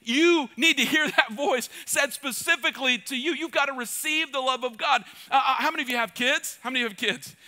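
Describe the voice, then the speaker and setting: A middle-aged pastor preaches with a high, bright, sharp-edged voice. He drives his points home by repeating phrases and swings from loud, urgent calls down to quiet, close asides. It is a passionate sermon delivery. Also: brisk, few pauses.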